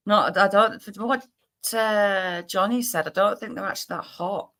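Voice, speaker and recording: Fast-talking Cumbrian woman host. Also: medium pitch, fairly bright tone. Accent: Cumbrian English. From Cumbria, England. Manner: fast-talking, laughs often. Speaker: livestream host. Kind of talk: casual livestream chat.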